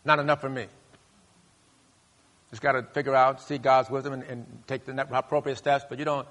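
A male pastor preaching a sermon, leading the congregation in call-and-response and rising to loud, high bursts. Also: little pitch movement, brisk, pauses often. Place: church sanctuary. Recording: long hall reverb.

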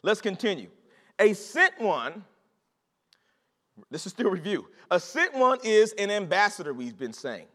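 Guy preaching in church, real high bright voice, lots of repeating and calling out to folks, big hall echo. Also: measured pace, long pauses. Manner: animated, conversational preaching with repetition and call-outs to the congregation. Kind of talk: sermon. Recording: long reverb of a large hall.

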